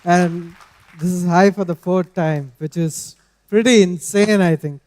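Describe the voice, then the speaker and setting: A man giving a technical talk at a conference in a measured, explanatory way. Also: high voice, a little mellow, long reverb tail, a faint crowd. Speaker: conference speaker. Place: large conference hall.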